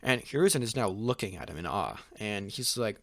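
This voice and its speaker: A man's voice: on the low side, animated, brisk, no room sound. Young male channel host, casual rambling storyteller, dry close voice. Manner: rambling, full of "pretty much" and "like", frequent restarts. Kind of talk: casual fan-fiction storytelling.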